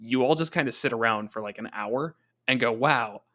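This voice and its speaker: A man co-hosting a podcast about tabletop games, talking in an easy, conversational way. He thinks out loud and sometimes slips into quick voices for his players. His voice sits at an ordinary middle pitch. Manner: thoughtful, chatty, acts out quick quoted voices. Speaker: podcast co-host discussing tabletop monsters. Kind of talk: casual discussion of game design.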